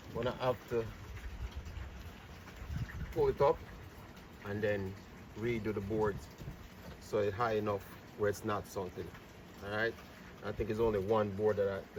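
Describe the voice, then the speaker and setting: A man talking casually in a home vlog, chatty and relaxed, often repeating words as he explains a fix on his deck outdoors. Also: fairly low pitch, far from the mic. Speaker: vlogger. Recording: noisy outdoor camera audio.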